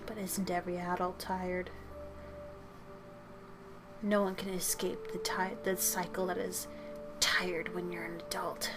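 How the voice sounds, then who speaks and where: A woman's voice: on the low side, flat delivery, unhurried, long pauses. A young woman at home, tired after work, rambling in a jokey, self-deprecating way as she chats while drawing. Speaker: channel host. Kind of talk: casual chat while drawing. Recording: music playing behind.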